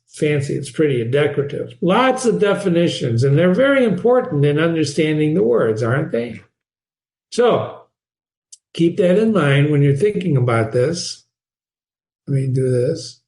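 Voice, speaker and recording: A man's voice: fairly high pitch, expressive, normal speed, darkish tone. Man teaching in an echoey room. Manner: repeats key phrases and asks the listener questions. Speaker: reading teacher and host. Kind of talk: informal literature lesson. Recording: roomy echo.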